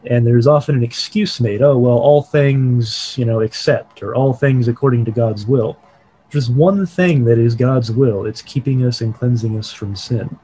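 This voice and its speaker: A man of middle pitch leads a Bible study over a video call. He reads passages aloud in a measured way and then explains them in plain words. A faint hiss sits under his voice. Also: mellow, low-quality recording. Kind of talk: leading an online Bible study.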